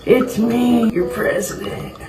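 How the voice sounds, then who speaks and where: A woman putting on the voice of a folksy president greeting people, drawling slowly in an echoey room. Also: a little high, steady tone, over music.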